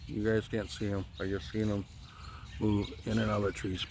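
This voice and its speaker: A man casually vlogging on a riverside walk with his dog, chatting to viewers and cooing to the dog, sometimes hushed. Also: on the low side, little pitch movement, moderate pace, vocal fry, slight background noise. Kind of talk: casual walking vlog. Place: outdoors on a riverside trail. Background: faint birds and outdoor ambience.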